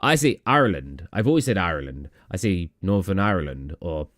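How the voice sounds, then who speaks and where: A man's voice: low-pitched, expressive, fairly quick, fairly bright tone, dry recording. A young British man chatting casually with viewers on a stream, rambling and acting out his own reactions. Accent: British English. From Britain. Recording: dry room with faint music behind.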